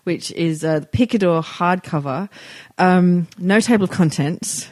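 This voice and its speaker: A woman's voice: on the low side, measured pace, a little mellow, dry recording, clean studio sound. A woman co-hosting a podcast, chatting casually about books and laughing often. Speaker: podcast co-host. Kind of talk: casual book review chat.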